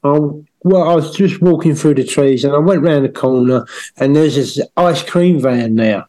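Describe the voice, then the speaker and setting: A man hosting a comedy podcast, telling rambling deadpan tall tales and quoting voices. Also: on the high side, normal speed. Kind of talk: deadpan improvised comedy chat.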